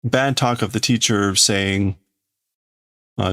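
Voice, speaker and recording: Slow, halting male streamer. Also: on the low side, steady tone, vocal fry, a bit bright. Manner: halting, hesitant, full of restarts. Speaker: streamer translating a comic live. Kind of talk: live translation, thinking aloud.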